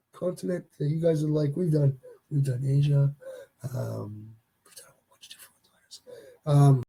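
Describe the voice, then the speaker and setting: A man's voice: a little high, mellow, slightly rough. A man from Canada hosting a casual live-stream show, chatting loosely and reading viewer comments aloud as he goes. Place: home studio.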